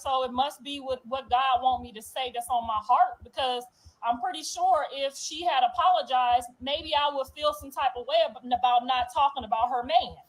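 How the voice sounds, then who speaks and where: A woman delivering a raw, profane, defiant confessional monologue, moving from low brooding to loud outbursts. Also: rough recording. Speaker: reality show cast member.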